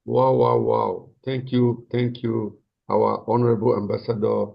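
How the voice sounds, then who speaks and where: A man's voice: fairly low pitch, little pitch movement, unhurried, vocal fry, slightly rough. A man moderating an online meeting, giving effusive, stammering praise and thanks. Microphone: video call. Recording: dull lo-fi video call audio.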